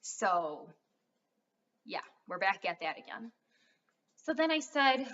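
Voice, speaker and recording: A woman's voice: medium pitch, very animated, slow, a bit bright. A young adult woman rambling through a casual vlog, full of fillers as she talks straight to her viewers. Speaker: vlogger. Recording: dull lo-fi sound.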